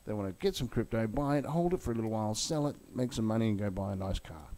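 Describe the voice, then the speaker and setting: Lowish guy ranting and cussing on his crypto vlog, pitch swinging all over. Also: lively intonation, quick pace, mellow. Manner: heated, swearing, blunt. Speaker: crypto market vlogger. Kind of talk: angry rant and chart commentary.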